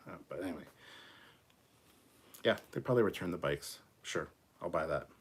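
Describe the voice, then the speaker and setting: A man's voice: sits low, lively intonation, normal speed, slightly rough. A man hosting a casual livestream, reading viewer comments and answering them in a blunt, profane, argumentative way.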